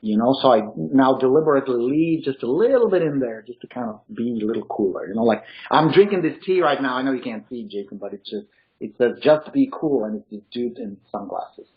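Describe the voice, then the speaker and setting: Here a man with a mid-range voice and a slight Eastern European accent, speaking English as a non-native, coaches on real estate in a laid-back interview, animated and fairly quick. His tone is emphatic and motivational with easy laughter, captured in lo-fi sound.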